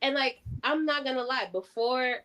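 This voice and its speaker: A young woman hosting a casual faith podcast, lively and quick to laugh. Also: high voice. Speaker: podcast host.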